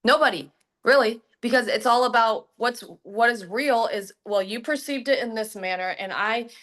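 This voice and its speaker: A woman talking as a podcast guest in a casual conversation, animated, with many fillers and acted-out quotes. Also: fairly high pitch, moderate pace.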